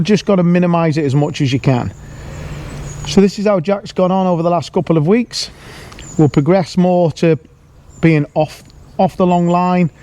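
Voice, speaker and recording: A man, a dog trainer, explaining a training exercise outdoors in a calm, explanatory way, with sharp calls to the dog. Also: fairly high pitch. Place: outdoors in a field.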